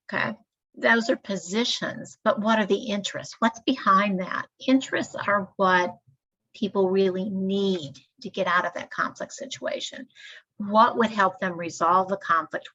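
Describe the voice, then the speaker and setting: A woman giving a measured, explanatory staff training lecture. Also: mid-range voice, fairly bright tone. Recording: dull lo-fi recording.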